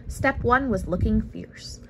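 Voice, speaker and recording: A woman reading a picture book aloud for the first time, adding relaxed, casual asides. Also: on the high side, takes it slowly, background noise. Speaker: storybook reader.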